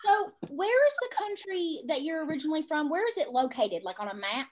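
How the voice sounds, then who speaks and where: A bubbly woman hosts a casual interview chat, swearing freely and breaking into loud laughter. Her voice is high and swings widely as she talks. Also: lively intonation, fairly quick. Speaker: podcast host.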